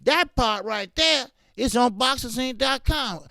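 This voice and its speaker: A man's voice: very high-pitched, unhurried, few pauses, pushed and bright, dry recording, clean studio sound. A man hosting a boxing talk stream, ranting fiercely with lots of repetition and profanity while greeting his chat. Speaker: boxing talk show host. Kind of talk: live-stream commentary, reading chat.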